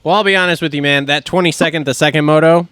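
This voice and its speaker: A man's voice: on the high side, fairly even intonation, fast talker, a bit bright, clean tone. A man hosting a podcast in a studio, talking bluntly and animatedly and swearing freely. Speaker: podcast host. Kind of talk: casual podcast chat.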